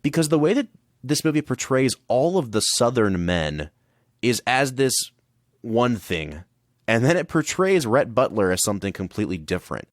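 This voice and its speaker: Co-hosting a podcast, a man digs into a film with enthusiastic, analytical energy in a casual discussion. His mid-range voice has a sing-song lilt at normal speed, captured as a dry, studio-quality recording.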